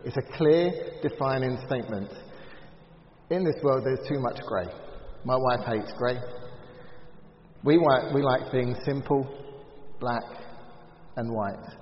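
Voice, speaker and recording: A man's voice: mid-range voice, slow pace, long pauses, slight background noise. A man teaching a Bible study class in an earnest, emphatic way, with frequent ums and restarts. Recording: echoey hall, slightly dull sound.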